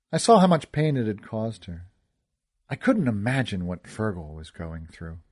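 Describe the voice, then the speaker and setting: A man tells a first-person story with an animated, rising and falling pitch. His tone is expressive, and he turns wry and joking in his own character's lines. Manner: expressive, wisecracking in dialogue. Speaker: audiobook narrator. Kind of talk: first-person audiobook narration.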